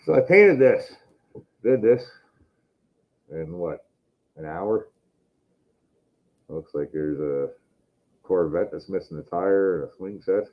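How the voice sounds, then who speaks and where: A man's voice: sits low, lively intonation, slow pace, long pauses, muffled recording. A man hosting a casual podcast chat, rambling and swearing heavily. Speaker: podcast host.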